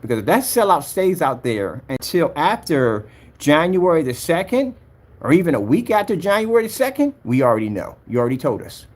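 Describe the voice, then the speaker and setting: Man, husky, raised pitch, swinging intonation, ranting vlog, taunting, repetitive. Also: very animated, a little fast. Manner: taunting, repeats himself, talks straight at a rival. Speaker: projector screen maker vlogger. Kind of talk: heated ranting vlog commentary.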